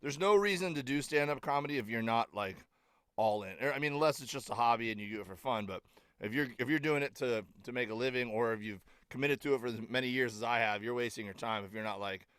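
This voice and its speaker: A middle-aged comedian guest on a casual podcast talks fast in a clean, mid-range male voice with no room sound. He's an animated storyteller, packing his tales with fillers and acting out quotes.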